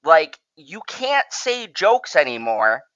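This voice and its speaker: A woman's voice: deep voice, takes it slowly, no room sound, highs cut off. A woman co-hosting a casual podcast chat, swearing freely and laughing often. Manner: profane, laughs often, animated. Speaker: podcast co-host.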